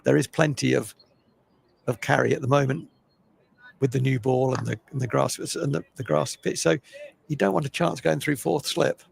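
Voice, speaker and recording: An older man giving chatty, opinionated live cricket commentary, with a gravelly voice. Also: mid-range voice, normal speed. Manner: chatty, opinionated, self-deprecating.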